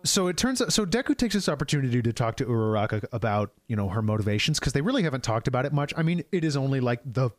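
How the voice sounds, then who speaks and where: A man's voice: mid-range voice, big pitch swings, fast, hardly any pauses, no echo. Brief: man co-host, casual recap chat, hesitant restarts, dry mic. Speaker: podcast co-host.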